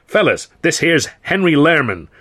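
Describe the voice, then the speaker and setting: A loud, boastful film studio boss, as a man puts him on for an audiobook. He rattles on in salesman patter, pitched above the reader's own voice and pushed louder. A slightly husky edge stays under the bluster. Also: sing-song, normal speed, heavily acted. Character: brash fast-talking male film studio boss, middle-aged. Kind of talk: audiobook character voice.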